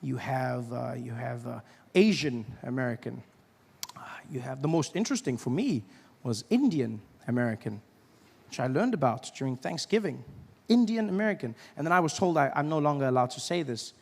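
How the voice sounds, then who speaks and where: A man from South Africa performing a stand-up comedy routine, animated and acting out characters in excited voices. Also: mid-range voice, moderate pace, vocal fry.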